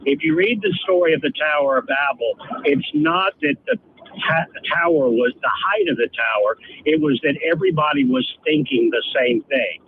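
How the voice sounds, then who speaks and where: Man calling in, lively gravelly voice, tinny phone line. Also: a little high, normal speed, a little hiss or hum. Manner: animated, sarcastic storyteller. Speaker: caller. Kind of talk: call-in radio chat.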